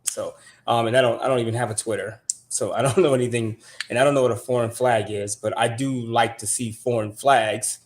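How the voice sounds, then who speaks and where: An American man co-hosting a casual talk show, blunt and animated as he tells stories and answers comments. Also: medium pitch, brisk. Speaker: podcast co-host. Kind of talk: casual chat.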